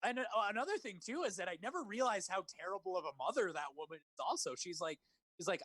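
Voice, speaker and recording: A man co-hosting a casual movie podcast, talking over a remote call. His voice swings widely in pitch as he gets worked up, swearing and laughing. The sound is dry, with no room echo. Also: fast, husky. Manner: animated, swearing, laughs, mimics lines. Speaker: podcast co-host. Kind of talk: casual movie review chat. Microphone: remote call recording.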